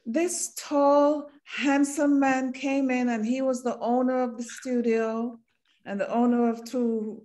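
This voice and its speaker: A woman with a Jamaican accent, a singer guesting on a podcast, telling a story in an animated way, laughing and acting out voices. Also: sits high, slow pace.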